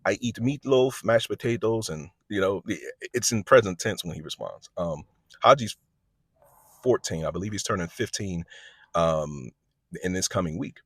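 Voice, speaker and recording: Brief: male storyteller, husky tone, dry close sound, casual and chatty, keeps checking in with the listener. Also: deep voice, moderate pace, a bit bright, no room sound. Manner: conversational, with frequent check-ins and restarts. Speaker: storyteller recounting a work incident.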